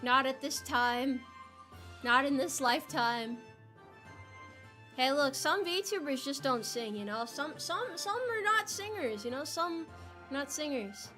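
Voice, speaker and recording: High, bright young woman streamer, animated. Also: takes it slowly, faint music behind. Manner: animated, flustered, laughing, repeats words when worked up. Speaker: VTuber streamer. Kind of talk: casual livestream chat.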